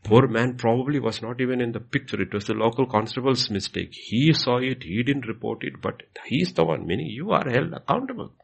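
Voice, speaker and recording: Husky, gravelly man teaching. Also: medium pitch, lively intonation, a little fast, few pauses. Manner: repetitive, emphatic, acts out quoted questions. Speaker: pastor answering questions.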